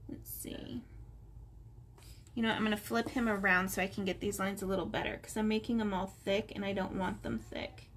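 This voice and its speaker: A woman's voice: mid-range voice, little pitch movement, quick pace, hardly any pauses, a little hiss or hum. A middle-aged woman in her home office, chatting unhurriedly as she gives step-by-step coloring instructions. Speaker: art instructor. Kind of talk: relaxed coloring tutorial.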